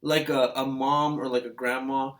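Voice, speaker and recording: A man talks off the cuff to the camera in a loose vlog ramble. He hesitates, restarts sentences and leans on fillers while he thinks aloud and puzzles over questions. His voice sits in a middle pitch for a man. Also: little pitch movement, moderate pace, a bit bright. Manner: musing, questioning. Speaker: reaction video host. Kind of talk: casual rambling commentary.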